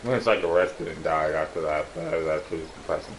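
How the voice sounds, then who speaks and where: A man's voice: very deep voice, a little fast, a little hiss or hum. A man streaming a game with a friend, joking around and playing the host. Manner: joking, sings and clowns around. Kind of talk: casual gaming chat.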